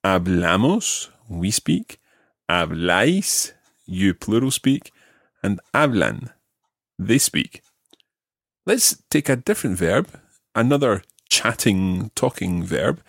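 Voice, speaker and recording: With vocal fry in his lowish, lively voice, a man patiently teaches Spanish, slowly modelling verb forms and stress for a learner to repeat in lesson drills. The recording is dry and studio-clean.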